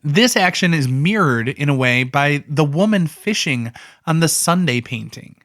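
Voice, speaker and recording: Male art explainer with a slightly high voice; casual, thinks aloud, dry close recording. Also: expressive, a little slow, a bit bright, no room sound. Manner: conversational, thinking aloud with asides. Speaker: art educator.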